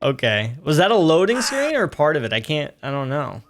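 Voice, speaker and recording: Male game-commentary host, sarcastic and animated, with a high-pitched voice. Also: a little hiss or hum. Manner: sarcastic, animated, quick to laugh. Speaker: gaming YouTuber. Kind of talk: gameplay commentary voice-over.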